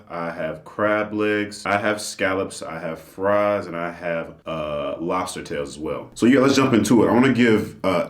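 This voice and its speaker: A man's voice: low voice, a bit bright, slight background noise. A man hosting a casual vlog, chatting upbeat to his viewers while eating. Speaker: channel host. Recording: roomy echo.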